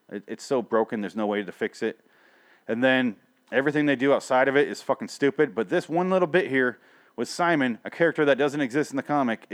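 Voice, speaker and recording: A man hosting a casual TV review show, rambling and swearing, often stopping mid-sentence to restart. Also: on the low side. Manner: rambling, profane, self-interrupting. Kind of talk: casual solo review chat.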